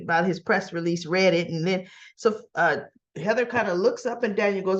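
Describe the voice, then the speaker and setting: A woman's voice: mid-range voice, fairly quick, dull audio. A woman casually recapping a soap opera episode, acting out the characters' lines as she retells each scene.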